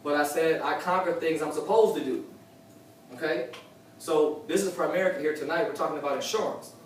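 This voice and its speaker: A man's voice: fairly high pitch, brisk. A man giving a motivational talk at a sales meeting, preachy, repeating his key lines for emphasis. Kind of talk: live motivational talk to a room. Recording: distant echoey room with faint noise.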